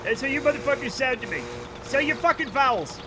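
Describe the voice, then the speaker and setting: High-voiced man with a Rhode Island accent. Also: background noise. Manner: animated, swearing, drawn-out vowels. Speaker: streamer. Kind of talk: casual chat with viewers while gaming.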